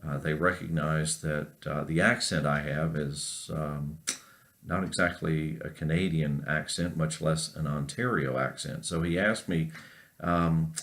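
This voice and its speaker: A man from North Carolina, a professor giving a recorded class lecture, telling an unhurried story with many fillers. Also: extremely low pitch, steady tone, a bit bright.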